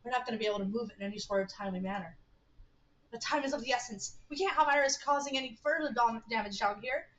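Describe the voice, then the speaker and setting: A clipped, urgent scientist man in a text game, read out by a woman. He speaks formally and in a hurry, giving orders with no time to waste. The voice sits fairly high for a man. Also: fast, a bit bright, natural voice, rough recording. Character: brisk brainy older male scientist.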